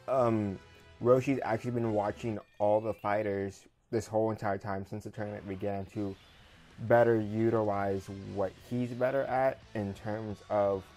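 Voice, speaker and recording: Male reviewer, lowish voice, loose filler-heavy episode recap, faint guitar bed underneath. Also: dark tone, poor audio. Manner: rambling, filler-heavy retelling with paraphrased quotes.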